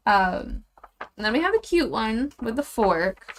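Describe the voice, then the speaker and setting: A woman's voice: fairly high pitch, sing-song, slow, long pauses, a little hiss or hum. Giggly young woman rambling while drawing. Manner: giggly, rambling, trails off quietly. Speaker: streamer drawing goose characters. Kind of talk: casual chat while drawing.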